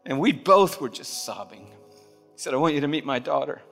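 A man preaching a sermon, telling a story in a hushed voice, then building to loud impassioned preaching. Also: fairly high pitch, lively intonation, brisk, gravelly. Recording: long reverb of a large hall, music behind.

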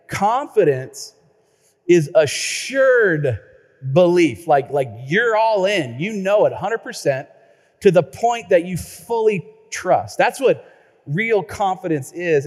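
Male pastor, high voice, lively storyteller, sermon with long hall reverb. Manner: lively storytelling, repeats words when excited.

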